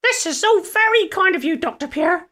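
Lady doing a bossy captain, really high voice, lively. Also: exaggerated voice. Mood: commanding. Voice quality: brisk, commanding. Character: bossy female ship captain. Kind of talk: amateur audio drama acting.

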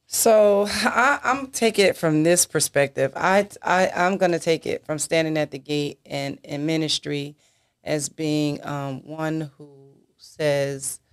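Preachy woman minister, slightly low voice. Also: slow pace, smooth. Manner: preachy, emphatic, asks rhetorical questions. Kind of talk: church talk discussion.

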